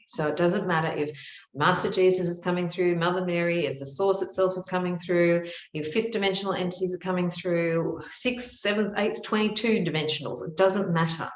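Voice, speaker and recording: A woman from Australia, a spiritual teacher, telling a personal story in an earnest, animated way with many fillers. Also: low-pitched, echoey room, rough recording. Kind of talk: storytelling monologue.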